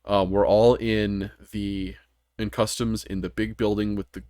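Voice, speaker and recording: Rambling low-voiced male podcast host. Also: little pitch movement, measured pace, darkish tone, clear, resonant tone, no echo, studio quality. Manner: rambling storyteller with many ums and restarts. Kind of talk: casual gaming podcast chat.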